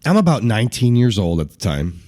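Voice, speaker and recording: A man in his forties from the Buffalo area, telling a rough-and-ready story on a podcast, laughing often. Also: fairly low pitch, sing-song, a little fast, warm tone. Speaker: podcast co-host. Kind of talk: casual storytelling.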